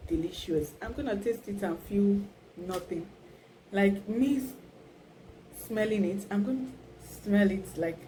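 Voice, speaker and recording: A young woman with a Nigerian accent, talking casually to camera in a vlog, expressive and full of "like" and "oh my goodness". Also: mid-range voice, a little hiss or hum, low-quality recording. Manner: expressive, keeps saying "like" and "oh my goodness". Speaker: vlogger.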